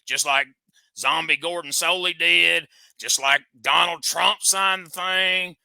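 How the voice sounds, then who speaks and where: A man's voice: fairly high pitch, slow, gravelly, pushed and bright, no echo. A man hosting a comic show, needling his guest in boastful country banter. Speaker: host.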